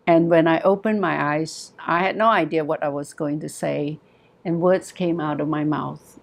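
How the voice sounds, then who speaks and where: A woman therapist with a slightly low voice tells a story from her practice. She speaks in an earnest, measured way, letting each point land. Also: steady tone, vocal fry. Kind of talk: recounting a client story in a talk.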